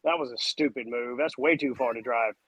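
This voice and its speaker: A man, a podcast guest telling stories in a casual, animated way. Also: mid-range voice, brisk, husky, no echo, rough recording. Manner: animated, acts out voices and sounds. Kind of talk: casual storytelling chat.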